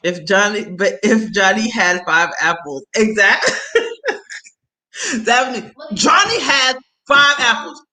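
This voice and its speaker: Woman on a phone livestream, chatty and slangy, voice jumps all over, bright and sharp. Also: mid-range voice, slow pace, poor audio. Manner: animated storytelling with slang and laughs. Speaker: livestream host chatting with viewers. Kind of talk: casual chat.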